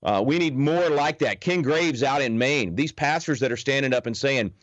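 A man from Texas, a guest teaching the Constitution, answering earnestly and pitching his course with emphasis. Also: normal speed, hardly any pauses, dry recording, lo-fi sound. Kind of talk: interview answers.

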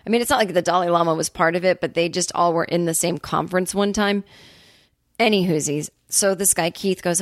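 A woman with a lowish speaking voice tells a long, rambling story with profane, sarcastic asides. The sound is dry and close, with no room around her. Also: dry recording. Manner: animated storyteller, quick asides. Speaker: comedian podcast host. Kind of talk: casual solo monologue.

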